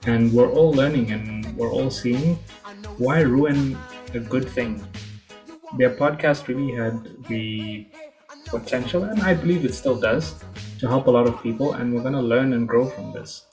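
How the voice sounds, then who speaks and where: A man hosting a reaction video, speaking in a calm, measured, moralizing way. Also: medium pitch, faint music behind. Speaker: host. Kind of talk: reaction commentary.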